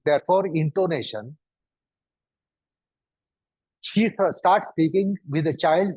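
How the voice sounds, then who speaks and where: A man giving a lecture, speaking deliberately and piling up synonyms for emphasis. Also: a little high, darkish tone, husky, dry recording. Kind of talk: lecture to an audience. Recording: dull, dry recording.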